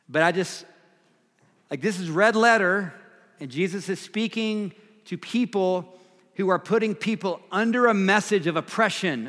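A man's voice: fairly high pitch, pushed and bright. A man preaching a sermon and teaching through a Bible chapter in a casual, conversational way, with frequent fillers and repeated phrases. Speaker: pastor. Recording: long reverb, echoey hall.

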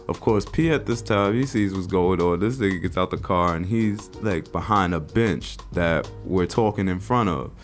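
Deep-voiced New man telling a story. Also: normal speed, hardly any pauses, faint music behind. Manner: animated, slangy, acts out quotes. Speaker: recurring guest host telling a story. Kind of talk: casual storytelling.

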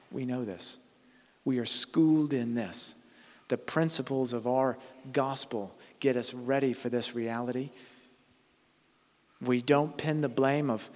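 A man's voice: medium pitch, long reverb tail. A man preaching a conversational sermon, earnest, often restarting and correcting himself mid-sentence.

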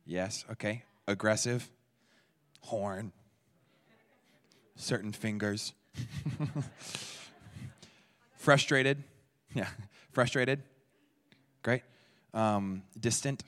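A man's voice: fairly low pitch, extremely slow, long pauses, a bit bright. A man giving an interactive teaching talk at a church, speaking conversationally and repeating answers from the audience. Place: church hall. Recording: long hall reverb.

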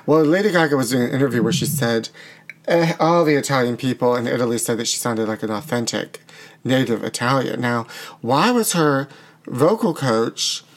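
A man hosts a chat show with dramatic, gossipy flair. His everyday-pitched voice rises and falls as he spills opinions, dropping "honey" into his banter. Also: normal speed. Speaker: talk show host. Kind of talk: casual banter.

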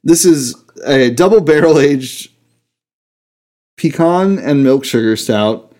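A man's voice: on the high side, expressive, slow pace, darkish tone. A man co-hosting a podcast in easygoing casual chat, laughing often and trailing off with fillers. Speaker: podcast co-host.

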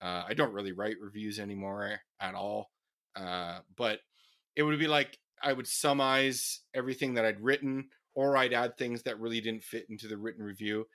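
A middle-aged man, co-hosting a casual gaming podcast and ranting in an animated, profane way into a podcast mic. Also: on the low side, normal speed. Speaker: podcast co-host.

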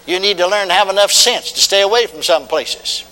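A man's voice: high voice, brisk, bright, forceful tone, big-room sound. An older man preaching a sermon, emphatic and repeating his points, leading the congregation in call-and-response. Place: church.

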